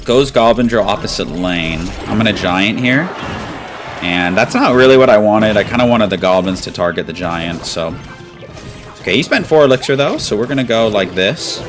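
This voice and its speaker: A man's voice: fairly low pitch, normal speed. A man giving casual live commentary over his own gameplay, calling out his plays and cheering on key moments. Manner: casual, breaks into excited chanting at big moments. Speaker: gaming commentator. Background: background music.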